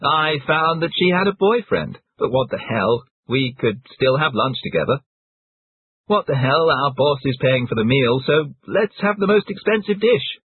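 Male lesson reader, lively, slightly husky, lo-fi tinny recording. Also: a little high, moderate pace, dry recording. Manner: reads short example phrases, lively intonation. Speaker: English phrase teacher. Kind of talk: scripted example sentences. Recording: tinny phone-like band, dry.

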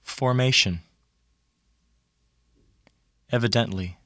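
A man reading single example words slowly and deliberately for a pronunciation lesson. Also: mid-range voice, fairly bright tone, no echo, clean studio sound. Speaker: model speaker in a pronunciation lesson. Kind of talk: scripted word reading.

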